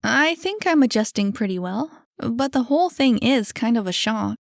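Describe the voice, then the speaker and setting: A woman's voice: on the high side, lively intonation, moderate pace, gravelly, dry recording, clean studio sound, pitched above the performer's own voice. A woman voicing an eager young goblin woman. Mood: earnest.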